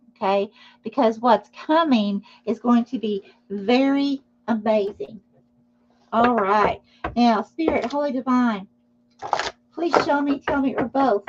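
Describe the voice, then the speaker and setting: Woman, tarot reader, live stream, high-pitched and reassuring, dull lo-fi sound. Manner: reassuring, repeats "okay?" often.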